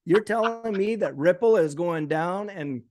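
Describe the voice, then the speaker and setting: A man's voice: high-pitched, animated, unhurried, darkish tone. A man guest in a casual chat, talking with emphatic enthusiasm. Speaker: guest commentator.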